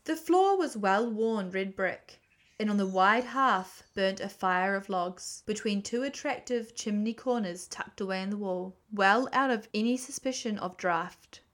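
A woman reading a classic children's book aloud, gentle and expressive. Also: mid-range voice, a little slow. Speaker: storyteller.

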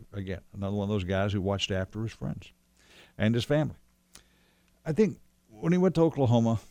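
A man with a fairly low voice tells a long story about an old friend. He rambles, restarts his sentences and acts out the dialogue. The sound is dry and close, with no room around it. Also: a little mellow, dry recording. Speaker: storyteller guest recalling a friend. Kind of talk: casual conversational storytelling.

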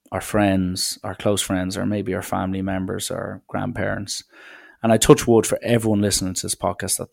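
A man's voice: fairly low pitch, creaky. A young man, rambling sardonically through a casual solo podcast. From Ireland. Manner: sardonic, rambling, mock-serious. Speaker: podcast host.

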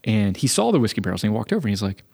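A man's voice: lowish voice, very fast, gravelly, slightly rough. A man in early middle age co-hosting a podcast, telling self-deprecating stories in casual chat and acting out the people in them. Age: young adult. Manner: storytelling, self-deprecating, animated impressions. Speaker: podcast co-host.

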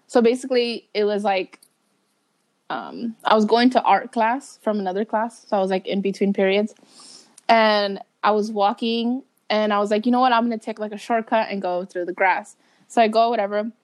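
A young woman co-hosting a podcast, telling a story in casual chat, giggling and acting out quotes. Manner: giggly storyteller, acts out quotes in shrill voices. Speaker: podcast co-host.

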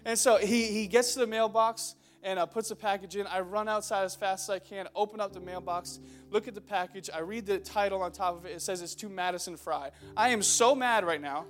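High-voiced young male preacher, joking. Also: steady tone, brisk, few pauses, soft background music. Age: young adult. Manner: joking storyteller who builds into earnest exhortation. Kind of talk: humorous sermon. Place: church auditorium before a congregation.

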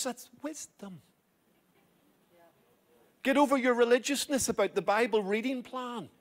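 A middle-aged man preaches to his congregation in a fairly high voice. He presses his points urgently and repeats short commands for emphasis. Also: fairly bright tone. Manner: urgent exhorting preacher, repeats key phrases. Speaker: pastor. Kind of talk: sermon.

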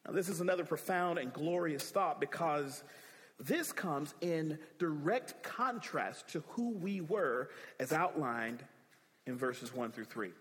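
A man's voice: a little high, unhurried, fairly bright tone, big-room sound. A man preaching a sermon as pastor, emphatic, repeating key phrases with rising emphasis.

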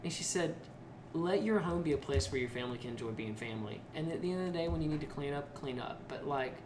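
In an echoey, noisy room, a podcast host talks through a casual interview in a reflective, conversational manner. His voice sits on the high side, animated and fast.

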